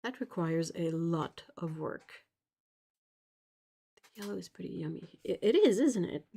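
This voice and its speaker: A woman's voice: fairly low pitch, animated, measured pace, gravelly, warm tone, breathy edge. A woman in her forties hosting an art livestream, chatting casually while she paints and reads viewer comments aloud, laughing at her own jokes. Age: 40s. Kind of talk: casual live-stream chat while painting.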